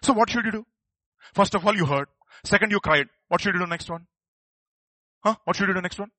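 واعظ رجل بلكنة إنجليزية هندية، صوت مشرق فيه بحّة، يخطب بحماس ويرفع صوته صارخاً. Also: male voice, high voice, a little fast, dry recording. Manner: animated, rising to fervent shouts. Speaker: preacher. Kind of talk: sermon.

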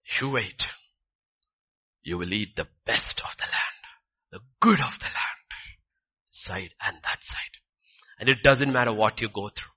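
A male pastor preaching a sermon, swinging between loud declarations and hushed near-whispers, repeating short phrases for emphasis. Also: lowish voice, measured pace, long pauses, breathy edge.

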